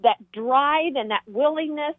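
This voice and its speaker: A woman's voice: high-pitched, unhurried, no echo. Southern older woman on a tinny line. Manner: animated testimony with laughter. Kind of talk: Christian talk show chat.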